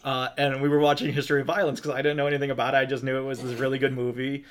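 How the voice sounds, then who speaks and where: A man's voice: mid-range voice, little pitch movement, very fast, slight background noise. A man co-hosting a casual podcast, telling an anecdote loosely and laughing easily. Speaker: podcast co-host. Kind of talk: casual chat.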